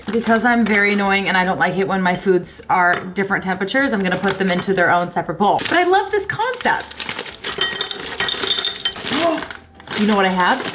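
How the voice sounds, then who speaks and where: A young woman in her twenties chatting through a cooking vlog in her home kitchen, bubbly and self-deprecating. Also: mid-range voice. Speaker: lifestyle vlogger. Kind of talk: casual cooking vlog chat.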